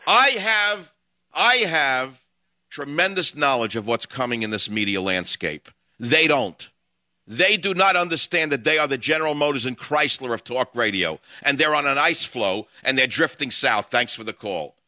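A man's voice: mid-range voice, lively intonation, moderate pace, sharp tone, no room sound. A man hosting a call-in talk radio show, ranting combatively at his callers in long monologues. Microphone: studio mic.

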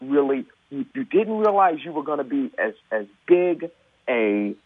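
A man's voice: fairly high pitch, very animated, measured pace, slightly rough, no echo. A man calling in to a radio show, earnest and pleading, stumbling over his words. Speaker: caller. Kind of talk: call-in radio plea. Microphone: telephone. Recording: tinny phone line.

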